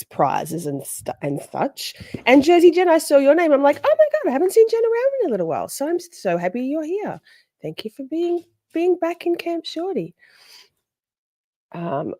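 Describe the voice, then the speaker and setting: A woman's voice: on the low side, dark tone, no room sound. A woman hosting a casual livestream, rambling chattily and greeting viewers by name. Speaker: livestream host.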